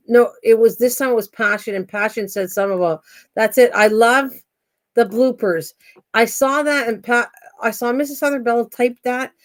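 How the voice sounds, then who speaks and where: An older woman hosting a craft channel on a live stream at home, chatting in a rambling, self-mocking way and laughing easily. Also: a little high.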